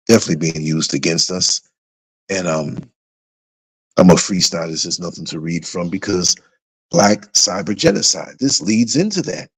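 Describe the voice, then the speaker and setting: A man hosting a casual livestream, telling rambling, animated stories and reading comments from viewers. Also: fairly low pitch, no echo, poor audio. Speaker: livestream host.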